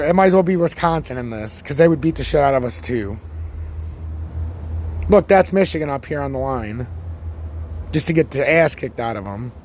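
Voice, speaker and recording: Profane, animated man ranting about charts. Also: on the high side, a little hiss or hum. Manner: ranting, swears freely, animated sports analogies. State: voice worn out. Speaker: crypto chart analyst, channel host. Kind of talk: casual profane market commentary.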